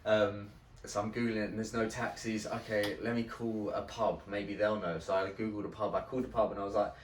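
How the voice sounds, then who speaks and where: A man hosting a podcast, telling a story in a casual, animated way, swearing often and acting out the people in it. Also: lowish voice, fairly quick, reverberant, distant mic, slight background noise. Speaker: podcast host.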